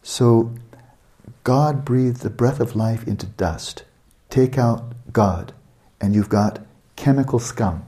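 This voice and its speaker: A man's voice: mid-range voice, takes it slowly, mellow. A man giving a spoken lecture as a meditation teacher, posing rhetorical questions with emphasis.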